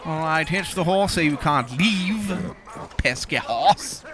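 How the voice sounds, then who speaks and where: A man's voice: fairly high pitch, animated, takes it slowly, noisy background. A man hosting comedic gameplay commentary in a theatrical, pompous manner. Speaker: gaming host in character. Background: game music and sounds.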